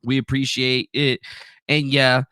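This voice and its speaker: A man's voice: medium pitch, level tone, unhurried, pushed and bright, smooth, dry recording, studio quality. A man hosting a live stream in a loose, rambling way, swearing and reading out viewers' names from the chat. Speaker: livestream host.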